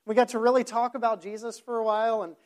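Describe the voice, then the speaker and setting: A man's voice: very high-pitched, little pitch movement, quick pace. Man, pastor, sermon storytelling, chatty, stumbles on repeated words, quotes others in dialogue.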